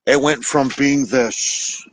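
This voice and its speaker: A man's voice: mid-range voice, fairly even intonation, slight background noise, poor audio. Blunt, preachy man giving relationship advice. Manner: emphatic, preachy, swings between fast bursts and slow drawn-out stresses; casual and blunt, swears freely. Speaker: podcast host.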